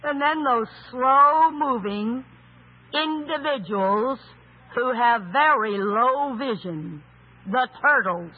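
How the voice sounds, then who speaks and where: A man preaching a sermon in an emphatic storytelling style, with rhetorical questions, and raising his voice to a shout for stress. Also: extremely high pitch, expressive, slow pace. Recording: tinny phone-like sound.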